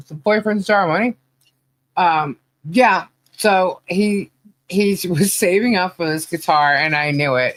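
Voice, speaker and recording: A woman's voice: low voice, fairly bright tone, no room sound. A woman co-hosting a podcast, telling stories in casual chat, acting out quoted dialogue and laughing often. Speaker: podcast co-host.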